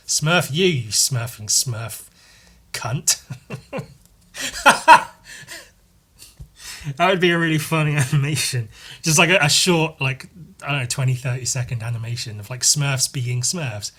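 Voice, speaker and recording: A man's voice: mid-range voice, sharp tone, husky. A man hosting a podcast, rambling casually and sweary as he counts cards and envelopes aloud. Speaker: podcast host. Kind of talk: casual behind-the-scenes monologue.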